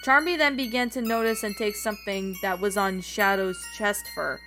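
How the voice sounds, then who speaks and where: A woman narrating a story in a plain, steady reading voice with small slips. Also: medium pitch, moderate pace. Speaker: story reader. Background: background music.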